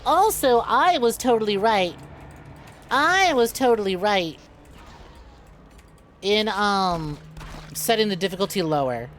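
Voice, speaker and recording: Speaking slowly with long pauses, a young adult woman VTuber uses an expressive, medium-pitched voice against slight background noise. During her casual gameplay stream she banters playfully, laughs often, and calls viewers "y'all."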